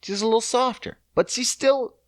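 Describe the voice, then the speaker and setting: A man in his thirties hosting a podcast, ranting casually and cursing as he swings between loud outbursts and low mutters. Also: normal speed, no room sound, studio quality. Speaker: podcast host.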